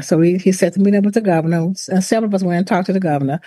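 A woman telling her story in an interview, speaking deliberately, with restarts and the odd laugh. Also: on the low side, steady tone, warm tone, dry recording. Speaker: former university president, author. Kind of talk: interview, personal account.

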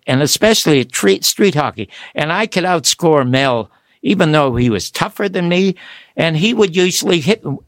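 Older guy on radio, gravelly voice, dry close sound, animated storyteller. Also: on the high side, no echo. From Toronto, Canada. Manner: lively, animated storyteller with restarts. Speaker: guest storyteller.

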